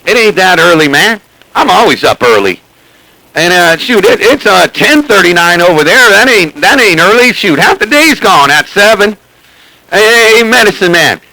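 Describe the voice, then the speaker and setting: A man jokes and brags over CB radio and keeps calling out to get the other side's attention. His voice sits high and gravelly, with a bright, sharp edge. The sound is dry and close. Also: big pitch swings, normal speed, no echo, rough recording. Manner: joking, boastful, repeats "hey, hey, hey". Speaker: CB radio operator. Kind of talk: CB radio banter.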